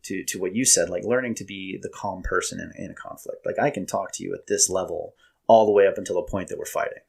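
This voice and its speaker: A man in casual podcast chat, a loud, animated storyteller. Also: low voice, fast talker, creaky, breathy edge.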